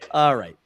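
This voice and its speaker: A man co-hosting a podcast, telling stories in a profane, animated way and stumbling over repeated words. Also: fairly high pitch. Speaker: podcast co-host. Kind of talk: casual podcast chat.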